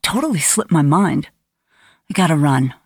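Audiobook: woman reading a blunt young woman, low and muffled, deeper than the narration. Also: lively intonation, normal speed, slightly rough, dry recording, studio quality, full character voice.

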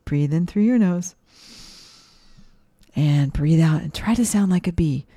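A woman gently leading children through a breathing and mindfulness meditation, asking soft questions. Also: sits low, dry recording, clean studio sound. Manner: slow, soothing, gently questioning. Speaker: mindfulness teacher for kids.

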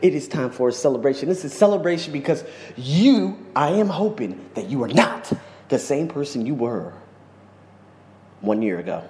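An excitable man gushes through a restless vlog monologue at a middle pitch. His voice rings around a roomy space with a long reverb tail. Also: normal speed, a little hiss or hum. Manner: effusive, exclamatory, restless. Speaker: podcast host. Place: living in Bangkok.

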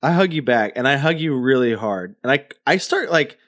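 とぼけた語り口の男性プレイヤー. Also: male voice, medium pitch, moderate pace. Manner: deadpan, rambling comic narration. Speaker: player. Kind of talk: tabletop game play.

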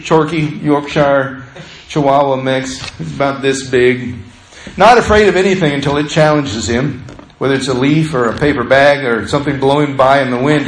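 A man preaching to his congregation in a relaxed, storytelling way, his voice a touch higher than most. The sound rings around an echoey church room, with a faint hiss underneath. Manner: conversational, animated storytelling with laughs. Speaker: pastor. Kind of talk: sermon.

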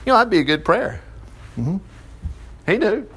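A man's voice: high voice, sing-song, moderate pace, a bit bright, slightly rough. A man teaching an informal Bible study, reading scripture aloud and breaking off into folksy, chuckling asides.

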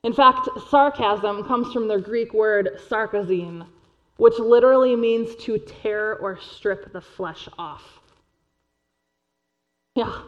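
A woman's voice: mid-range voice, dull audio. Woman preaching an earnest sermon. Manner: earnest, measured, drops to quiet emphasis. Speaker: pastor.

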